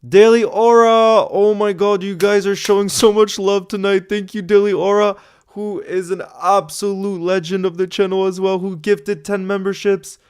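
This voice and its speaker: A young man hosting a football live stream, reading out viewer messages and giving excitable shout-outs. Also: high-pitched, normal speed, clear, resonant tone.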